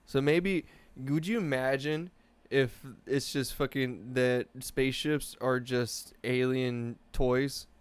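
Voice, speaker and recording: Podcast dude rambling and cursing, smooth clear voice, dry close sound. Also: male voice, mid-range voice, fairly even intonation, slow, hardly any pauses, no echo. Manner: rambling, swearing, acts out voices in his stories. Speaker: podcast co-host. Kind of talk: casual chat.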